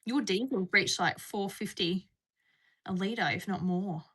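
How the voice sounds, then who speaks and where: Unhurried and a bit bright, with a breathy edge to her medium-pitched voice, a woman chats on a stream from indoors at home. She is bubbly, reading through chat and answering her viewers.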